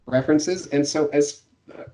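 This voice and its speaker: A man's voice: fairly high pitch, normal speed, mellow, recorded from a distance. A man chatting casually about a novel with his co-host. He hesitates with ums and laughs easily, and he sits a little back from the microphone. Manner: laughs often, hesitant with fillers. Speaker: podcast co-host. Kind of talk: casual book discussion.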